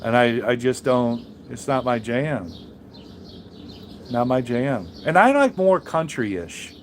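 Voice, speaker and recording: A man's voice: medium pitch, big pitch swings, takes it slowly, slight background noise. A man who drives trucks, chatting casually on a live stream and answering viewers, blunt and profane, rambling with many restarts.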